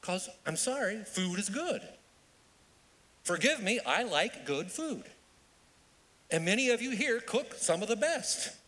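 A male minister preaching a sermon in an animated way, with joking asides and repeated phrases for emphasis. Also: sits high, a little slow, pauses often. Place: church sanctuary. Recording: long church reverb.

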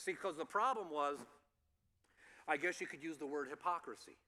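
Guy preaching, high voice, swells up then goes quiet, ums here and there, long hall echo. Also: normal speed. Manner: preaching with rising emphasis and soft drops for quiet lines; uses fillers like um and uh while explaining. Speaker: pastor. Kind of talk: sermon.

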